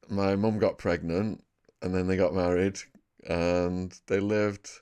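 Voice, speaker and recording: A man in his fifties with a northern English accent and a somewhat low voice, spinning lively stories as a podcast guest. He tells his anecdotes loosely and often laughs at them himself. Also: smooth. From England. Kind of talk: casual storytelling interview.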